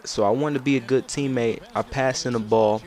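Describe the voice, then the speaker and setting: A man's voice: mid-range voice, fairly even intonation, brisk, darkish tone. A young man, telling a loose, rambling childhood story as casual gameplay commentary. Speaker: gaming commentator.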